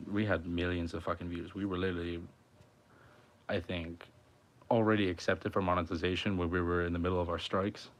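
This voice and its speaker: Low-voiced swearing man rambling on stream. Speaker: musician streamer. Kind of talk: casual livestream chat. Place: his home.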